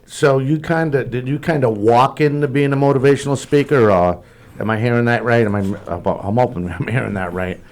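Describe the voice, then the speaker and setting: A man hosting a sports talk interview, friendly and a bit halting, often restarting his sentences as he asks questions. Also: medium pitch. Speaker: podcast host.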